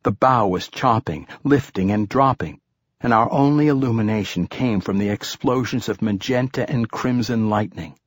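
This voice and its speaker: A man reading an adventure novel aloud as an audiobook, in calm, measured storytelling. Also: on the low side, no echo, studio quality. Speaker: audiobook narrator. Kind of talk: scripted audiobook narration.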